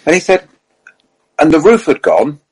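A man telling motorsport anecdotes in casual, animated chat, full of fillers and asides. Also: a little high, normal speed, breathy edge, rough recording. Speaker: motorsport storyteller on a panel. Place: at a racing circuit event.

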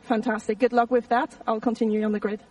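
A woman's voice: a little high, little pitch movement, fast, a little mellow, recorded from a distance, low-quality recording. Bubbly woman reporting from the race grid. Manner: chatty, bubbly, talks freely. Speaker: pit lane reporter. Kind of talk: live trackside interviewing.

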